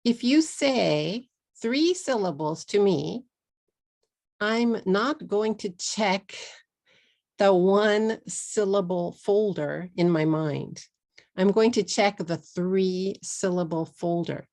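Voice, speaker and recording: A middle-aged woman with a Texas accent teaching English pronunciation, repeating words slowly and clearly for learners. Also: medium pitch, a little mellow. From Texas, USA. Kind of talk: pronunciation lesson.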